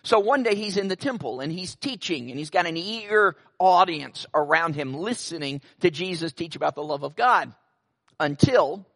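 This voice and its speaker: Preacher guy, higher voice, middle-aged, tells stories in his sermon w/ wry jokes. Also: a bit bright. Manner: storytelling preacher, wry asides. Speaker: pastor.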